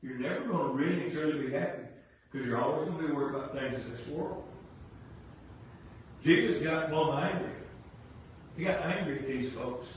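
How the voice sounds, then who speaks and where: A preacher with a fairly high voice delivers a folksy, repetitive sermon that swells into impassioned shouts. He is heard from well back in a church, with heavy echo and a dull, muffled sound. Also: moderate pace, recorded from a distance, slight background noise. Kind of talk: fervent sermon. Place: church sanctuary.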